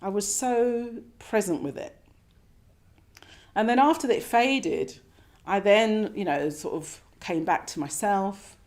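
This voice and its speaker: A woman telling a personal story at a meditation class, reflective and gently animated, sometimes acting out her own thoughts. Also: medium pitch, takes it slowly. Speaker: speaker sharing her meditation experience. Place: meditation centre shrine room with a class.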